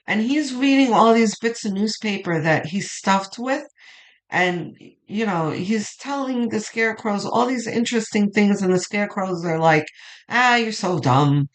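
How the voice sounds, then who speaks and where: In her weekly vlog reading, this tarot reader talks in a chatty, emphatic way, cursing to drive points home and cheering viewers on with fired-up encouragement. She has a medium-pitched voice with lively intonation at a moderate pace, on a low-quality recording.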